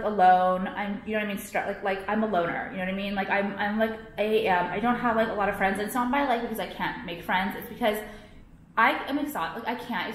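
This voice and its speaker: A young woman vlogging to her viewers, ranting in a profane, exasperated way and filling her talk with "like". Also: mid-range voice. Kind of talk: casual ranting to camera. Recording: echoey room.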